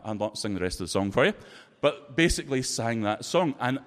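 A man with a Scottish accent preaching a sermon, telling a personal story in a lively, expressive way. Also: mid-range voice, brisk. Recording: long reverb of a large hall.

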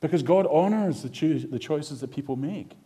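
A middle-aged pastor delivering a heartfelt sermon. His voice is mellow and warm, moving between quiet storytelling and fervent, rising appeals. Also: on the high side, animated, moderate pace. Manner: emotional, storytelling, rising to passionate emphasis.

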